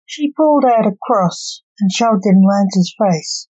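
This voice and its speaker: A woman storyteller reading a story aloud in a calm, even way. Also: medium pitch, a little slow, no echo. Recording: dull lo-fi recording.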